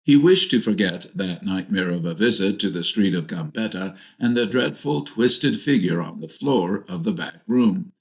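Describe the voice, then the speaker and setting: Low-voiced man reading a novel. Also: lively intonation, moderate pace, vocal fry, hardly any pauses. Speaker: audiobook narrator. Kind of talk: scripted narration.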